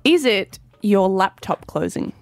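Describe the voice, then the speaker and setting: A woman working as a radio producer, chiming in with wry quick remarks during on-air banter. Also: mid-range voice, lively intonation, loud music behind the voice.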